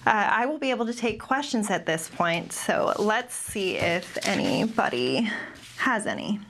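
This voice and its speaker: A young adult woman, a behavior analyst, gives a webinar talk and answers questions, with many pauses and restarts. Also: medium pitch, expressive, gravelly, fairly bright tone, a little hiss or hum. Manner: careful, with frequent ums and restarts. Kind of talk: webinar presentation with Q&A.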